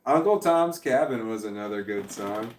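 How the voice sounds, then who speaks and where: A man's voice: fairly low pitch, expressive, normal speed, echoey room, slight background noise. A man in his forties, hosting a casual livestream, rambling as he reads out viewer comments and chuckles along. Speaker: livestream host.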